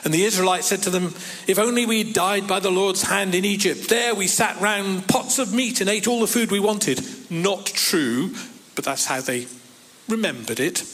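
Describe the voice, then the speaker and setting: A fairly high-voiced man delivers a sermon. He reads scripture passages aloud and breaks in with dry, wry asides. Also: moderate pace, fairly bright tone. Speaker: preacher.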